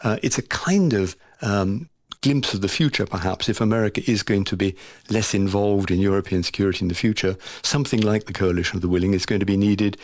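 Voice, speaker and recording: An older man, a former diplomat, giving measured, analytical answers in a radio interview, pausing often with "uh" and "um". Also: lowish voice, darkish tone, no room sound. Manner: deliberate, with frequent "uh" and "um" pauses.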